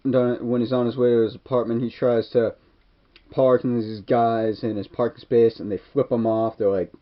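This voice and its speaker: A man's voice: medium pitch, little pitch movement, normal speed. A man casually retelling a film's scenes, rambling with constant "like" and "kinda", in a dull lo-fi recording. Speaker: movie reviewer. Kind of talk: casual movie recap.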